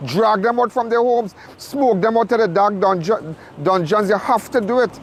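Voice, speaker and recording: A man with a high, ringing voice, speaking outdoors at a roadside with faint traffic noise behind him. He talks with insistent emphasis, hammering the same phrases again and again and tripping over his own restarts. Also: normal speed. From Trinidad and Tobago. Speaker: on-scene reporter and commentator. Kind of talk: impassioned on-the-spot commentary. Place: outdoors at a roadside crime scene.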